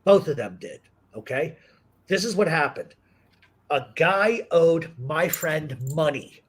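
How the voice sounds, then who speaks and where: Hosting a talk show, this man tells casual, animated stories packed with profanity. His voice is a little high, and he takes his time speaking.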